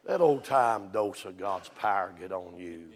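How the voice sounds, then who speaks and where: A man preaching a sermon in a church, telling folksy stories that rise into excited shouts. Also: sits low, unhurried. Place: church sanctuary. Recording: long reverb from a church hall.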